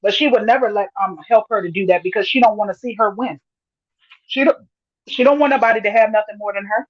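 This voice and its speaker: A woman's voice: mid-range voice, fast, no echo, muffled recording. A woman hosting a casual livestream, reading viewer comments aloud and laughing often. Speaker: livestream host reading chat.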